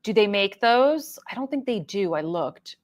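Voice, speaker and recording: A woman's voice: mid-range voice, animated, measured pace. A young adult woman hosting a casual livestream, chatting loosely and reading viewer comments aloud with plenty of fillers. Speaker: livestream host.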